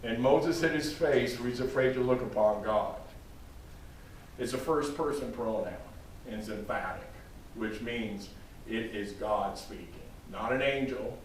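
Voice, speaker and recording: A man's voice: mid-range voice, a little slow. A man preaching a sermon, speaking emphatically and addressing his congregation directly by name. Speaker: pastor. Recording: very echoey room, distant mic, faint noise.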